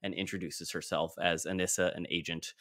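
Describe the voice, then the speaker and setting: A man's voice: low voice, little pitch movement, brisk, a bit bright, no room sound, studio quality. A man co-hosting a podcast, casually recapping a cartoon episode and quoting characters as he goes. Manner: retells scenes in detail, quoting characters. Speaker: podcast co-host.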